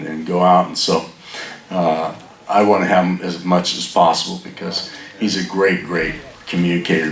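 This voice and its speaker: Deep-voiced pastor in an echoey church. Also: male voice. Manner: halting, with many restarts. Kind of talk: introduction and prayer.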